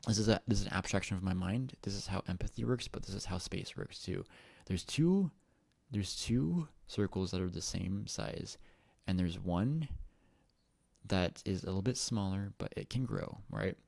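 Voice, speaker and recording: A man with a very low, gravelly voice rambles to his audience in a personal monologue. He jumps between thoughts, restarts sentences and swears freely. The sound is dark and dry, close to the mic. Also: normal speed, no echo. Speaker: vlogger.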